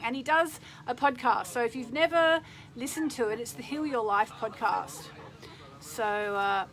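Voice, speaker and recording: A woman's voice: on the high side, normal speed, a bit bright, slight background noise, rough recording. Chatty woman hosting a live stream. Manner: chatty, rambling, reads out viewer comments. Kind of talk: casual live stream chat.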